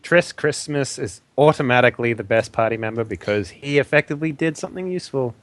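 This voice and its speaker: A man's voice: mid-range voice, quick pace, no echo. A man playing a tabletop game, joking crudely and laughing between lines. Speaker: player. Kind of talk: casual game table chat.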